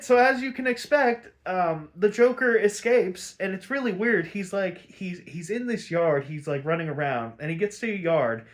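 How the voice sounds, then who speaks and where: A young man casually recapping a cartoon episode, rambling, swearing often and getting worked up. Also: on the high side. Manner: profane, gets worked up and exasperated; rambling with many "like" fillers. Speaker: show recap host.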